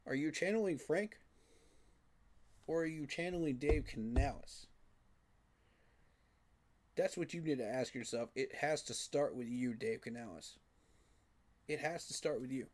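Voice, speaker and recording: A man's voice: mid-range voice, a little slow, pauses often. A man giving a frustrated, emphatic postgame reaction rant, repeating his points for emphasis. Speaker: sports fan commentator.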